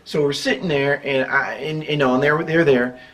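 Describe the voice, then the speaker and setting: A man's voice: on the high side, steady tone, moderate pace, fairly bright tone. A man from the American Midwest hosting his own channel, telling a casual storytime tale in a rambling, self-interrupting way that keeps breaking into laughter. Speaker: YouTube storyteller.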